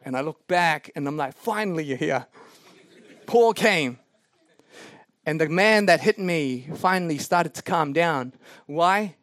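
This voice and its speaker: A male preacher telling a sermon anecdote in an animated, self-mocking way. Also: on the high side, a little slow, dry recording, clean studio sound. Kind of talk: sermon storytelling.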